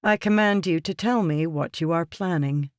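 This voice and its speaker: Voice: medium pitch, normal speed, dry recording, studio quality, natural voice. An audiobook reader voicing a determined woman leader who speaks firmly and with indignation. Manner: firm, indignant. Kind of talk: audiobook character reading.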